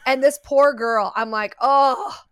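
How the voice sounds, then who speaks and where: A woman's voice: sits high, slow, a bit bright, smooth. A woman co-hosting a casual podcast who retells her own stories and adds dry, wry remarks. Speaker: podcast co-host.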